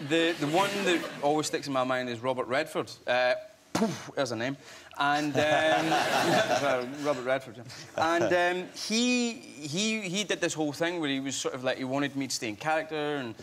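A man in his thirties with a Glasgow accent, telling stories as a chat show guest in a lively, self-mocking way. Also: fairly high pitch, normal speed, heavy background noise. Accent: Scottish, Glasgow. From Scotland. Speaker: guest actor. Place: television studio.

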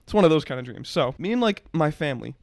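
A young man co-hosting a podcast, telling a story in a casual, animated and profane way. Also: a little high, quick pace, dry recording, studio quality. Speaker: podcast co-host.

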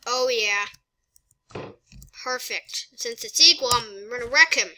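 High, bright-voiced excitable woman gamer. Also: takes it slowly, pauses often, rough recording. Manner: excitable and chatty, talking to herself. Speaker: gaming channel host. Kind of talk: let's play commentary.

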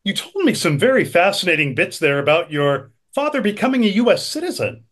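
A man's voice: high-pitched, sing-song, fairly quick, a bit bright. A man hosting an interview, leading with short questions and brief reactions. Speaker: interview host. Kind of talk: conversational interviewing.

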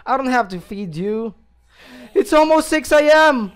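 A man with an unusually high voice narrates a horror game as he plays. He speaks slowly and draws out his words, breaking into gasps, yelps and nervous laughter whenever something startles him. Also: animated, a bit bright, smooth. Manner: jumpy, gasping and yelping, nervous laughter. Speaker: let's play gamer.

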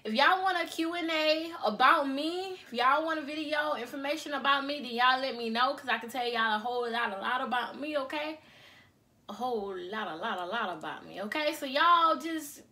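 A young woman talks straight to her viewers from her bedroom, chatty and easygoing, calling them y'all and tagging okay onto her sentences. Her voice sits high and sounds bright. She records on her cell phone. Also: fairly quick, hardly any pauses. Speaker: mukbang vlogger. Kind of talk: casual chat to viewers.

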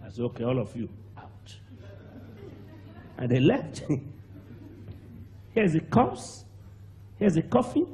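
A man with a Nigerian accent preaching a sermon, telling a testimony with animated acted-out voices and sudden shouts. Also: on the high side, takes it slowly, long pauses, slight background noise. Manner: animated storyteller, acts out voices, bursts into shouts and laughter.

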